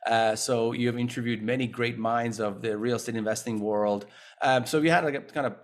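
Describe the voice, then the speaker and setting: A man's voice: medium pitch, steady tone, fairly quick. A man co-hosting an interview podcast who asks long, loosely built questions and often restarts them. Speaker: podcast co-host. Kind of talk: casual interview talk.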